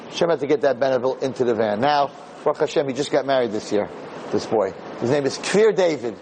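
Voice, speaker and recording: A man's voice: mid-range voice, fairly quick, darkish tone, a little hiss or hum, rough recording. A middle-aged man, a rabbi and teacher, telling a story in a Torah talk, acting out the dialogue and repeating phrases.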